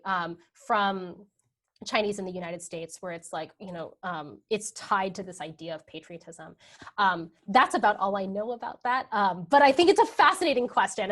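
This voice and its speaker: A woman history professor answering audience questions after a talk, thinking aloud with many ums, "sort of" and "right?" checks. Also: medium pitch. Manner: hedging with "sort of" and "like". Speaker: guest speaker, history professor. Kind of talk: academic Q&A answers.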